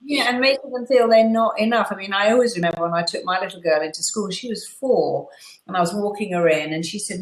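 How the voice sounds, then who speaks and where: Middle-aged woman guest, lively anecdotes, roomy sound. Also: medium pitch, fast talker. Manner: animated storyteller, acts out quotes. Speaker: guest therapist. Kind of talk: casual interview chat.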